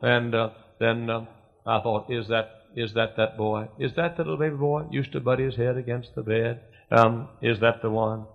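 A middle-aged man preaching a sermon as pastor, moving between quiet storytelling and loud fervent cries. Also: medium pitch, moderate pace, creaky. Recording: dull lo-fi sermon recording.

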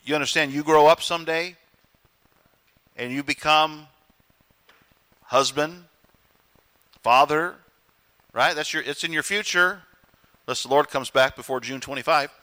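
A man's voice: on the high side, a little slow, long pauses. A man preaching a sermon as pastor, often acting out quotes in other voices. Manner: animated preaching, acts out quotes.

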